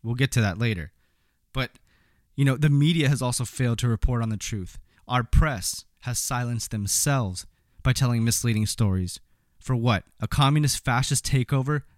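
A man's voice: mid-range voice, moderate pace, no echo, clean studio sound. A man giving opinionated political commentary in a sarcastic, indignant, mocking manner.

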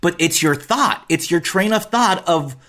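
A man co-hosting a casual podcast chat, joking around and mimicking others in quick put-on voices. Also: high voice, animated, pushed and bright. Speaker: podcast co-host.

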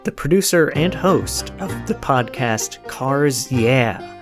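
A man hosting a podcast, reading a measured scripted intro and then asking friendly, casual questions. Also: medium pitch, lively intonation, music in the background. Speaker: podcast host. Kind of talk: podcast interview.

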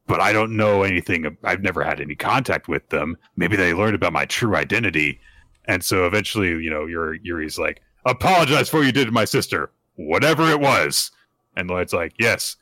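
A man co-hosting a casual podcast chat, recapping comic chapters and acting out the characters' lines in quick put-on voices. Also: low voice, bright, forceful tone, no echo. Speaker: podcast co-host recapping manga.

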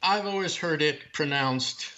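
A man's voice: fairly high pitch, measured pace, sharp tone. A man speaking as the author being interviewed, laying out his points in long, earnest explanations. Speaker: author and guest. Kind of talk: interview, theological discussion.

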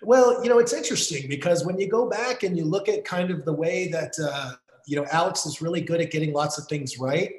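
American guy chatting, lots of uhs and restarts, kinda high voice, echoey room. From United States. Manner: halting, many fillers and restarts. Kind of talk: casual conversation.

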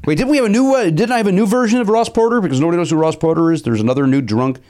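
A man's voice: sits high, very fast, a little mellow. A man hosting a podcast, joking and rambling with many filler sounds in casual comedy chat. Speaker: podcast host.

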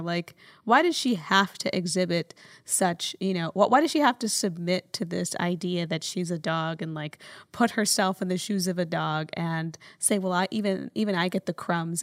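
A woman's voice: fairly low pitch, no room sound, studio quality. A woman hosting a faith podcast, reflecting aloud and thinking through her reactions with lots of fillers. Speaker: podcast host. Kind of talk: casual podcast conversation.

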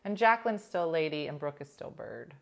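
A middle-aged woman hosting a radio show, chatting casually and telling animated stories. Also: low voice, a little fast, creaky. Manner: animated storytelling, imitates voices in anecdotes. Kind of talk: casual chat.

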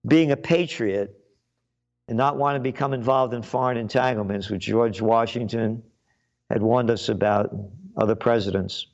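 A man's voice: medium pitch, steady tone, normal speed, highs cut off. A man hosting his own show, delivering a blunt, combative, emphatic commentary monologue. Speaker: show host.

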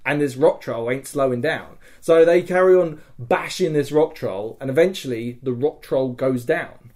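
Excitable and heavy on profanity and fillers, a man co-hosting a podcast relates a story during casual conversation. He speaks at a moderate pace with a medium pitch.

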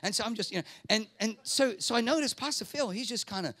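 A man's voice: high-pitched, expressive, quick pace, pushed and bright, dry recording. A man preaching a sermon with emphatic, repetitive phrasing, rhetorical questions and calls for the congregation to respond. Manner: calls the audience to respond aloud. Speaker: pastor.

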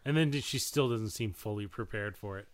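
A man co-hosting a podcast in relaxed casual chat, laughing often and using many fillers. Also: on the low side, normal speed. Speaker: podcast co-host.

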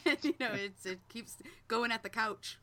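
Woman guest, bright voice, giggly and chatty, just talking casual. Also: fairly high pitch, sing-song, slow. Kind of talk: casual chat.

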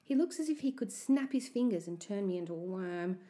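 A woman narrating a children's story aloud in the first person, with an expressive, anxious telling. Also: medium pitch, brisk.

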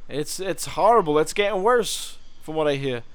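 A man's voice: fairly high pitch, expressive, clean tone. A man co-hosting a podcast in casual chat, stumbling over his words and chuckling as he talks. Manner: halting, restarts sentences, chuckling. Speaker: podcast co-host.

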